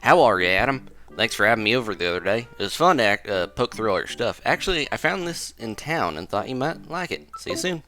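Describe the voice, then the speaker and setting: A man's voice: mid-range voice, big pitch swings, fast, sharp tone. A man reading as a breezy animal villager. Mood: friendly.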